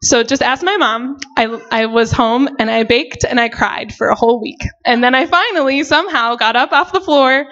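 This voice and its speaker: A woman's voice: fairly high pitch, moderate pace, hardly any pauses, a bit bright. Young woman telling her faith testimony, earnest and emotional, lots of likes and you knows, kinda dull lo-fi sound. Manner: earnest and emotional, many "like" and "you know" fillers. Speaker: missionary sharing her testimony. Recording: dull lo-fi recording.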